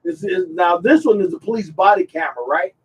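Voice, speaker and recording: A man hosting a podcast, retelling a story in a casual, animated way, acting out the quotes and often repeating himself. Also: high voice, a little fast, husky, distant mic, low-quality recording. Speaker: podcast host.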